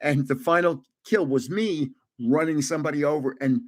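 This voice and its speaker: A man's voice: a little high, normal speed. A man in his seventies casually telling gaming stories on a livestream, laughing often as he goes. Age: 70s. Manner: animated, laughs often, restarts. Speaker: livestream host. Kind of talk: casual storytelling.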